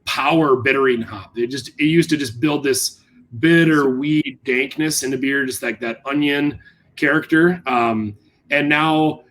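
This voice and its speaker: Guest brewer, male, mid pitch, eager and rambling, casual chat. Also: unhurried, a bit bright. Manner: enthusiastic, rambling about hops.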